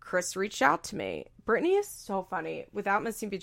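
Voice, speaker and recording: Woman podcast host, casual recap chat, opinionated and animated, slight gravel. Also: mid-range voice, a little fast. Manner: chatty, opinionated, quotes others in animated asides.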